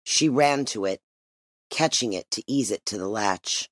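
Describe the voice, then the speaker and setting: A man reading a dark short story aloud as narrator, in steady, measured storytelling. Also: mid-range voice, dry recording. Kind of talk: audiobook narration.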